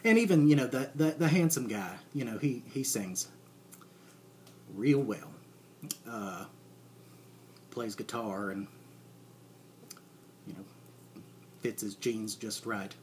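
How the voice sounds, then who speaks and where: A man delivering a rambling deadpan comic monologue, halting and full of fillers and restarts. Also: medium pitch, a little hiss or hum. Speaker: comedic character monologue.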